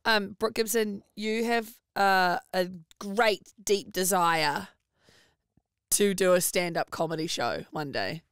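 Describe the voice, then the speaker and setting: A woman's voice: medium pitch, takes it slowly, fairly bright tone, clear, resonant tone, no echo, studio quality. A young woman with a New Zealand accent, co-hosting a radio show, teasing and prompting her co-host with a laugh. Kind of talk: casual radio banter.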